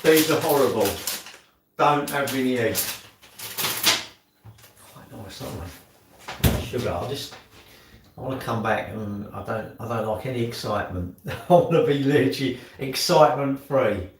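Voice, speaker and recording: A man's voice: medium pitch, normal speed, pauses often, heavy background noise. A man live-streaming from his home kitchen, rambling casually and muttering to himself as he does chores. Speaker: livestreamer. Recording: echoey room, mic set far off.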